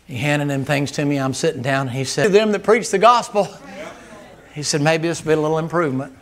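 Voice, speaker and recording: A man's voice: a little high, fairly quick. A man preaching a sermon in a folksy, storytelling manner. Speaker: guest preacher.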